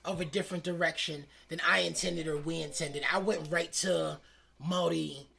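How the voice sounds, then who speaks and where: A woman's voice: low-pitched, fairly even intonation, normal speed, vocal fry, fairly bright tone, husky. A woman co-hosting a podcast, stating blunt, emphatic opinions. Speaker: podcast co-host. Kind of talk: casual podcast chat.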